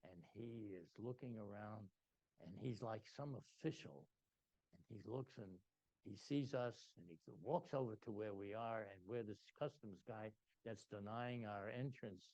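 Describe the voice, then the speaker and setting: An older man telling a personal story to a gathering, animated and full of restarts. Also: on the low side, unhurried, no echo, highs cut off. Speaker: invited speaker.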